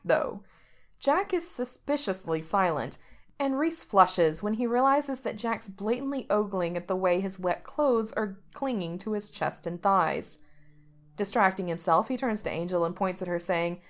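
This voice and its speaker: A woman narrating a story aloud with steady, expressive delivery. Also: lowish voice.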